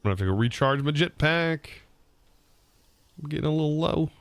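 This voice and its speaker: A man's voice: a little high, expressive, a little fast, no room sound. A man streaming a modded building game, chatting loosely with his viewers and rambling about words while he plays. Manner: rambling, chatty, talks to his chat between game tasks. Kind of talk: casual live-stream chat while playing.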